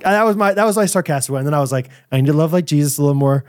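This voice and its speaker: A man on a casual podcast, telling a story and laughing often as he acts out the lines of the people in it. His voice sits a bit high for a man. He keeps it loose and chatty. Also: very fast, no room sound, studio quality. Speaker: podcast co-host. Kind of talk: casual chat.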